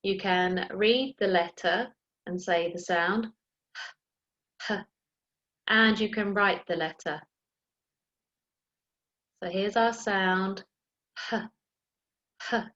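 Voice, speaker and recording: A woman teaching an early years phonics lesson, sounding out letters slowly and clearly and encouraging young children. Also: mid-range voice, fairly bright tone, dull audio. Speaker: primary school teacher.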